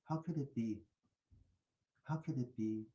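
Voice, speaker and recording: An older man leads a mindfulness class in a loose, conversational way, telling stories and checking in with his listeners. His voice sits at a middle pitch, and the room around him rings with echo. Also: measured pace, lo-fi sound, background noise. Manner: chatty storytelling with frequent laughs and rhetorical "right?". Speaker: mindfulness teacher. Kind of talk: teaching a meditation class.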